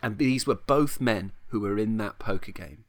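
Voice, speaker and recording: Enthusiastic and prone to many restarts, a middle-aged man rambles through a film plot in a casual podcast chat. He speaks at a moderate pace in a lowish voice, recorded at studio quality without echo.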